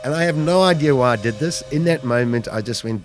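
A middle-aged man vividly telling his own survival story, with animated storytelling that rises at the dramatic moments. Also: medium pitch, fairly quick, few pauses, faint music behind. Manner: vivid, lively retelling, rising to shouts at dramatic moments. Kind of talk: animated first-person storytelling.

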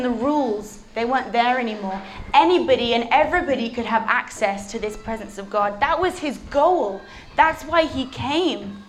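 A woman preaching a sermon with lively, animated storytelling. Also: on the high side, a little hiss or hum.

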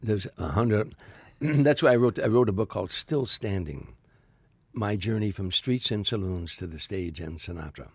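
A man's voice: lowish voice, animated, normal speed, breathy edge, no room sound. An older man, a stand-up comedian guest, telling rambling anecdotes in a casual interview, with frequent stammered restarts.

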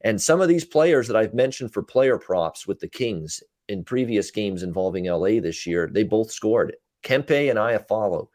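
A man co-hosting a sports betting podcast, recapping games in casual chat with frequent filler pauses and a North American accent. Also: on the low side, lively intonation, a little mellow, dry recording, studio quality. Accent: North American English. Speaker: podcast co-host, betting analyst.

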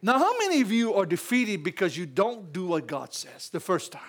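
A male pastor with a Louisiana Southern accent, preaching a sermon in a church with animated call-outs and laughing asides to the congregation. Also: high-pitched, moderate pace.

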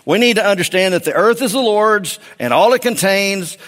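A man preaching a sermon in a church, with a fairly high voice. He talks in a folksy, joking way with his congregation. The sound carries the long reverb of a large hall. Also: lively intonation, normal speed, a bit bright. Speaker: pastor.

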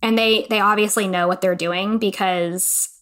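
A woman co-hosting a podcast in casual chat, excited and gushing as she reads text aloud. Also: mid-range voice, moderate pace. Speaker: podcast co-host.

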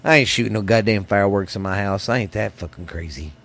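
A man's voice: fairly low pitch, fast talker, a bit bright. A man hosting a casual, rambling podcast, rowdy and profane, stuffy from sinus trouble. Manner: rowdy, profane, rambling, calls listeners baby. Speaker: podcast host. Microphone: close studio mic.

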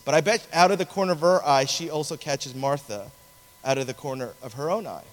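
A man preaching a sermon, telling a story in an animated, conversational way, in a large cathedral. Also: a little high, a little fast. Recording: long reverb of a large hall.

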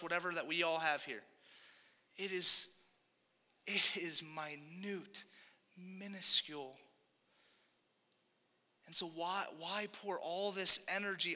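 A man's voice: high voice, bright, forceful tone. A young man preaching a sermon in a casual, conversational way, with frequent asides to the congregation. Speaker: pastor. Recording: long hall reverb.

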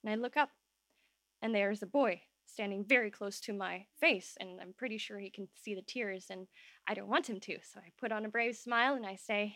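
A woman's voice: medium pitch, fairly bright tone, no echo, clean studio sound. Woman telling a personal story on stage. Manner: emotional, halting, tearful at times. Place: open-air stage.

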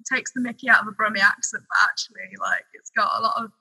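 A woman's voice: mid-range voice, steady tone, quick pace, vocal fry, sharp tone, husky, no room sound, low-quality recording. A woman, a podcast producer appearing as a guest, chatting casually and laughing easily. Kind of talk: casual chat.

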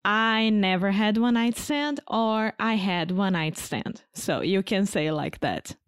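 A woman's voice: medium pitch, animated, slow pace, clear, resonant tone, dry recording, clean studio sound. Giggly woman podcast co-host. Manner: giggly, laughs often. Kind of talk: casual chat.

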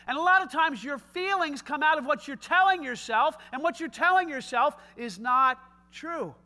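A middle-aged man preaching a sermon in an emphatic, conversational way that rises at times into shouts. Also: very high-pitched, moderate pace. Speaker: pastor.

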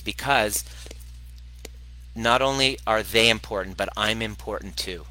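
This middle-aged former chiropractor, now a wellness video host, addresses a viewer's parenting question straight to camera, unhurried and sharp-toned in a fairly low voice. He is blunt and passionate, often swearing and laughing, and the low-quality recording has slight background noise.

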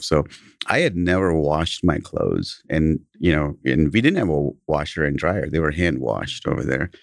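A very deep-voiced man from Kenya speaks with a British accent, recorded in a dry, close setting. He is a company founder telling stories in a casual podcast interview. His delivery is animated, with chuckles slipped between anecdotes. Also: vocal fry, no room sound.

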